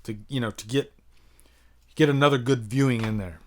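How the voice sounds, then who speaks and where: An American man in his thirties hosts a live-stream Q&A, thinking aloud with plenty of ums and asides. His voice sits at an ordinary middle pitch and he talks into a desktop microphone. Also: moderate pace, darkish tone. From United States. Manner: rambling and chatty, many fillers, reads out viewer questions. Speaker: YouTube horror movie reviewer, live stream host. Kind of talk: casual live-stream Q&A chat.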